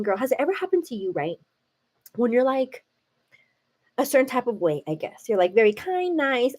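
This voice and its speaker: A young American woman hosting a livestream, chatting casually with viewers and saying "like" and "girl" constantly. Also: on the high side. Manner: chatty, says "like" and "girl" a lot. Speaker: livestream host. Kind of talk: casual chat with live viewers.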